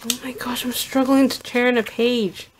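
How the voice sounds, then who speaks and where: A woman vlogger narrating an unboxing, gushing with awed exclamations and soft asides. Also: fairly high pitch, flat delivery, unhurried, slight background noise.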